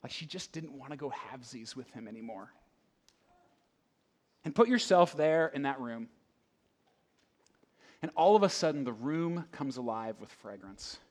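A man preaching a conversational sermon, asking the room rhetorical questions and swinging between loud emphasis and hushed asides. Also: medium pitch, expressive, moderate pace, pauses often. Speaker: pastor.

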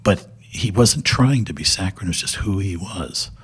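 Give me an older man with a deep, husky voice telling anecdotes as an interview guest. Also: moderate pace, a bit bright. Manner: rambling, many fillers and restarts, laughs often. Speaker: guest, TV director.

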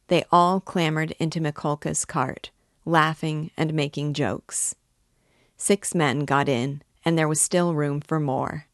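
A woman narrates a classic novel in a measured, even storytelling voice. Her pitch sits low and her pace is slow. The recording is dry and close. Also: no room sound. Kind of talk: audiobook narration.

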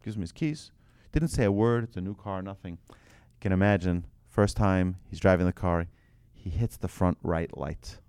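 A lower-voiced man teaching a religious class to a room of listeners. He talks in an animated way, tossing out rhetorical questions and telling stories. The sound is dry and close. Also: moderate pace, hardly any pauses, smooth, dry recording. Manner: animated, asks rhetorical questions, tells anecdotes.

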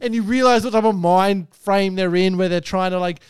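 High, smooth-voiced bloke. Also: male voice, no echo, studio quality. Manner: joking, swearing, quick asides. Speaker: podcast co-host. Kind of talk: casual banter.

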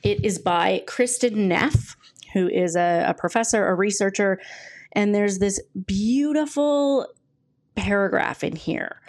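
A woman's voice: mid-range voice, slow pace, darkish tone. A woman hosting her podcast and working as a coach, talking casually and with self-deprecating humor while she reads passages from a book. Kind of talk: casual solo podcast talk.

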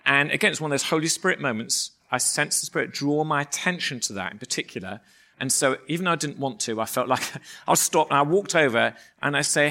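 A man, a pastor, preaching with lively stories and acting out voices. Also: a little high, brisk. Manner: animated, acts out voices in anecdotes. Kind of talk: sermon with storytelling.

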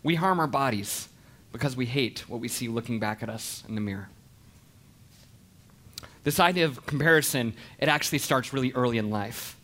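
A man in his thirties giving an animated, expressive storytelling talk to an audience. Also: mid-range voice, moderate pace, long pauses. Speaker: speaker.

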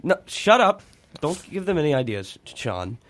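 A man's voice: on the high side, very animated, moderate pace, a bit bright. A man hosting a college radio sports talk show, chatting casually and joking with his co-hosts. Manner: rambling, joking, many restarts.

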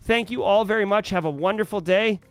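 A man's voice: high-pitched, fairly quick, no echo, soft background music. A man with a Boston accent hosting a daily cybersecurity livestream, chatting casually with many fillers and greeting viewers from chat. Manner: conversational, many fillers, reads chat aloud.

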